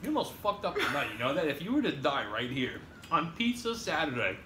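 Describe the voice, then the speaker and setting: A man's voice: fairly high pitch, big pitch swings, brisk, echoey room, noisy background. A man hosting a pizza review livestream, joking and swearing as he chats casually at a table indoors. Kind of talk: casual on-stream banter.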